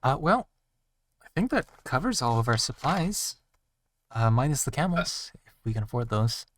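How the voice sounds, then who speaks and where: A man narrating a tabletop role-playing game as game master, pausing often with ums and uhs. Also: medium pitch, very animated, dry recording, far from the mic. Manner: halting, many ums and uhs.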